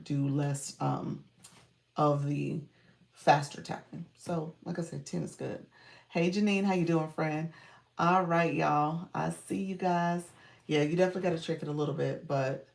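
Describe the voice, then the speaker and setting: Woman, live-stream coach, low and gravelly, chatty, greets viewers by name. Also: a little mellow. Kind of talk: casual live-stream chat.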